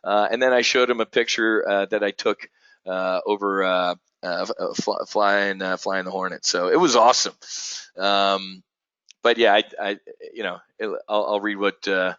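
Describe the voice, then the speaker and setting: A male trading webinar host with a forceful, bright voice, blunt and energetic, rambling as he goes. The audio is dull and lo-fi, with a dry, close sound and no room echo. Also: fairly low pitch, normal speed, clean tone. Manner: energetic, blunt, rambling, keeps calling out "folks". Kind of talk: live trading webinar talk.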